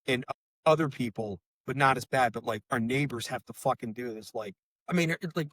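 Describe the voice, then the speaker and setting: A man's voice: medium pitch, brisk, fairly bright tone, no room sound. Heated, cursing middle-aged man. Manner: profane, rambling, heated. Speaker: bereaved father and podcast guest. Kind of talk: emotional interview storytelling.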